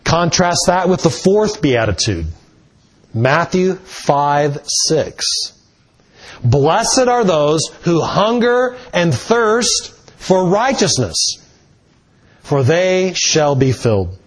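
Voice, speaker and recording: A man preaching a sermon in a slow, deliberate way, stressing key words with rising emphasis. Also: fairly high pitch, sing-song, husky.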